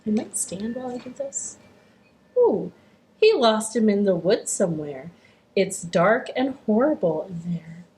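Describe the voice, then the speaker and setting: A woman hosting a children's storytime, reading a story aloud and cheering the kids on in an animated, encouraging way. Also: mid-range voice, measured pace. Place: living room. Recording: echoey living room.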